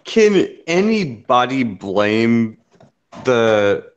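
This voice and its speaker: A man's voice: mid-range voice, very animated, extremely slow, dull audio. A man co-hosting a casual chat show, emphatic and profane, repeating his points for effect. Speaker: podcast co-host.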